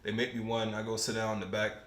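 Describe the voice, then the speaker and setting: A young man co-hosting a podcast, telling a profane story in a casual, animated way and laughing often. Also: lowish voice, fast talker. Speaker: podcast co-host. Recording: echoey room.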